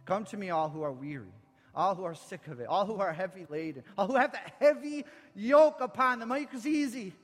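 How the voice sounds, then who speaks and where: A preacher voicing a compassionate savior who gently calls people to come and rest. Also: male voice, sits high, animated, a little fast, pitched above the performer's own voice. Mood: tender. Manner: pleading, reassuring. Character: tender inviting male savior voice, compassionate. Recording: echoey hall with faint music.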